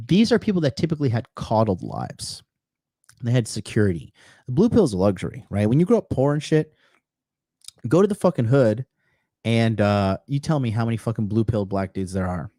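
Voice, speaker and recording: A man's voice: on the low side, warm tone, dry recording. A man telling brash, profane, boastful stories in a casual podcast conversation. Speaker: podcast guest.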